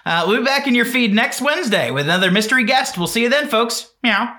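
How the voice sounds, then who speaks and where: A man's voice: extremely high pitch, animated, fast talker, pushed and bright. A man co-hosting a podcast, closing the show with dry jokes. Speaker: podcast co-host. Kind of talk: casual show outro.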